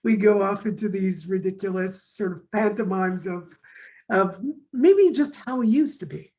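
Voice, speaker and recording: A woman speaking on a video call in a relaxed, conversational way. She tells anecdotes with energy, and she acts out the lines of the people in them. Her voice sits in a middle pitch. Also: measured pace, rough recording. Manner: animated storyteller, acts out quoted dialogue. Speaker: course teacher. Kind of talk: casual conversation.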